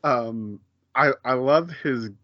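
A man's voice: mid-range voice, slow pace, no room sound. Man, podcast co-host, casual rambling chat, muffled dry recording. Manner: rambling, many fillers and restarts.

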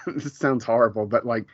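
A man co-hosts a casual podcast and talks in loose, rambling bursts full of fillers and quick laughs. His voice sits at a middle pitch. The recording is dry and a little dull and lo-fi. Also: a bit bright, no echo. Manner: rambling, many fillers and restarts, laughs often. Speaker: podcast co-host. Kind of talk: casual chat about a TV episode. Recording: dull, lo-fi home podcast audio.

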